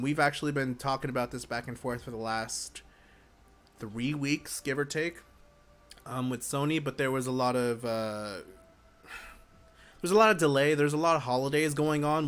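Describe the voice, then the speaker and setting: A man talks through a casual livestream Q&A with gum in his mouth, sounding hyper. His pitch sits right in the middle for a man. He rambles, cuts himself off and jumps between answers to viewer questions. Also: moderate pace, fairly bright tone. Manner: chatty, rambling, self-interrupting. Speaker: livestreamer and game community manager.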